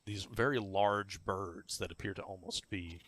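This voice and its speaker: Deep-voiced male game master. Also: fairly even intonation, fairly bright tone. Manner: halting, many fillers, slows on key words. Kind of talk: narrating a tabletop game.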